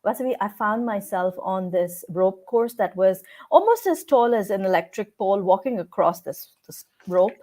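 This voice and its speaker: A woman's voice: medium pitch, animated, moderate pace, few pauses, warm tone. Host, woman, mid-range voice, affirming, tells stories. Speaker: podcast host. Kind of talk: conversational podcast talk.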